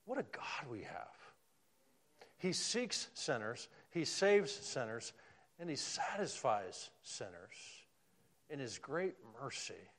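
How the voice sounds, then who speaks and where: Animated male preacher with lively pitch. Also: slow. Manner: animated, swings from loud emphasis to hushed near-whispers. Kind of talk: sermon.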